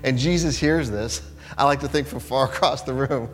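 A man preaching a sermon in a conversational, animated way, often asking the listeners questions. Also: mid-range voice, moderate pace. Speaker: pastor. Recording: long hall reverb, faint hum.

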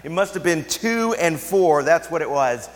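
Pastor preaching in a reverberant hall. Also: male voice, a little high, animated, normal speed. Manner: storytelling, dropping to hushed, intimate tones for emphasis. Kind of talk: sermon.

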